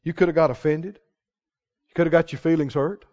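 A man preaching a sermon who rises into shouts and calls out questions to the congregation. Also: fairly high pitch, steady tone, a little fast, highs cut off.

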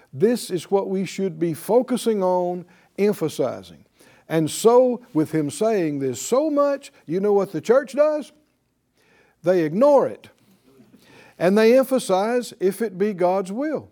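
A man's voice: high voice, mellow. A man preaching a sermon, reading scripture aloud and pressing his point with emphatic rhetorical questions. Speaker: pastor.

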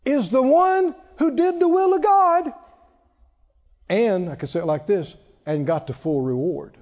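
High-voiced, lively male preacher. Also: unhurried. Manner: call-and-response, animated, laughs often. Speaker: pastor. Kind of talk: sermon. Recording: dull echoey hall recording.

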